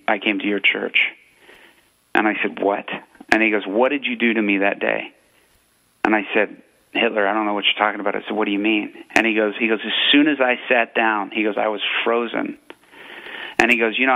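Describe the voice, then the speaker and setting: A man, a pastor and police chaplain, earnestly retelling a conversation as a guest on a radio show, with many fillers and restarts. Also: on the low side. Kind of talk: storytelling testimony on a radio show. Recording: phone line on radio.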